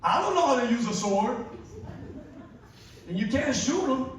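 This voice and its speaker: A man's voice: extremely high pitch, very animated, unhurried, slight background noise. A man, doing a self-mocking stand-up comedy set and chuckling at his own stories. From Louisiana. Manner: laid-back, self-mocking storytelling with chuckles. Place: large theater stage. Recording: echoey hall recording from far off. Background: audience laughter.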